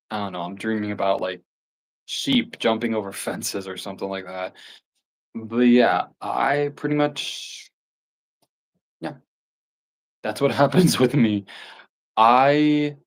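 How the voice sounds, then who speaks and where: A young man chats on a casual livestream, rambling through his stories with plenty of fillers and little laughs. His voice sits a bit low for a man. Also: poor audio. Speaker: livestream host.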